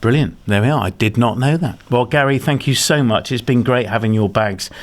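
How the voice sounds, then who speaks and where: A man's voice: mid-range voice, fairly quick. Chatty man hosting a podcast. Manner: enthusiastic, chatty with fillers. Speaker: podcast host. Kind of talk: casual chat, giving advice.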